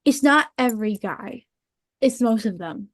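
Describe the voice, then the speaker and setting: A woman's voice: a little high, animated, dry recording. Earnest woman on a podcast, dry sound. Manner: earnest, emotional, halting with fillers. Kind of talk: casual podcast chat.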